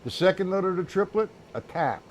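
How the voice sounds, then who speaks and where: A man's voice: high-pitched, animated, fairly quick, slight background noise. A man giving a casual live-streamed drum lesson, counting beats aloud as he explains technique. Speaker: drum teacher.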